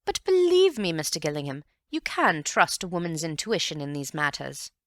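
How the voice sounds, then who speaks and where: This time the narrator's voice sits low, very animated, at an ordinary pace, as she plays a gushing, indignant middle-aged society mother full of gossip and self-importance. She speaks emphatically throughout the audiobook, captured in clean, echo-free studio sound.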